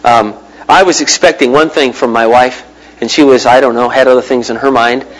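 A man preaching a sermon as a pastor, telling personal stories in a lively way with big swings in his voice and quick impressions of other people. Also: rough recording. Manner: animated storyteller, big pitch swings, mimics voices.

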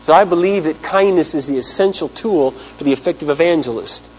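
A man preaching a sermon, telling a story in an animated way and acting out the people he quotes. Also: fairly high pitch, brisk, muffled recording. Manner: animated storyteller, acts out quotes, big swings in loudness. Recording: hum with long hall reverb.

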